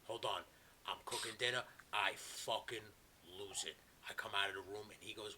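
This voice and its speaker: A man hosting a podcast from home, telling a long story in a casual, animated way with plenty of swearing. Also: lowish voice, fairly quick, rough recording. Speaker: podcast host. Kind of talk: casual chat. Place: home, video call. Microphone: remote call mic.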